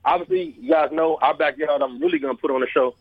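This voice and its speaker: A fighter guest telling brash, playful trash-talking stories in a casual chat over a phone line. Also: male voice, on the high side, quick pace, gravelly, no room sound. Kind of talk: animated storytelling, casual chat.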